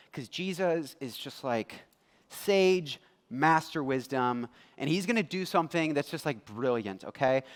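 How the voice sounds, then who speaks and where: Animated male pastor preaching. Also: a little high, in a large hall. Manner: animated, conversational, acts out quotes. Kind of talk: sermon. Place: church.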